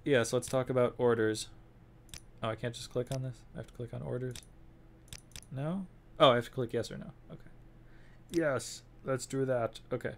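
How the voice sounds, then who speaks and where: A man's voice: medium pitch, fairly quick, gravelly. A young man streaming a game, rambling and joking as he thinks aloud while playing. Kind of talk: casual gameplay commentary.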